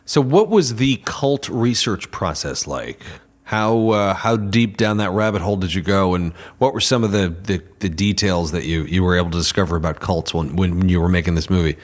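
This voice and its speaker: A podcast host interviewing filmmakers, relaxed and quick with reactions. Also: male voice, deep voice. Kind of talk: interview questions.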